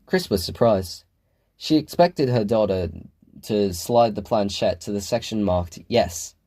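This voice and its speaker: A man with a fairly low, slightly mellow voice narrates a novel as an audiobook reader. It's scripted narration in a measured storytelling style.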